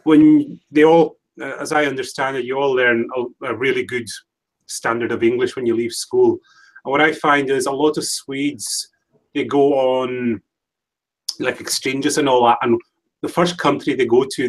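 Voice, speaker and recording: A man's voice: mid-range voice, fairly bright tone, poor audio. Rambling podcast co-host, man. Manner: rambling, hesitant, with many restarts. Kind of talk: casual chat.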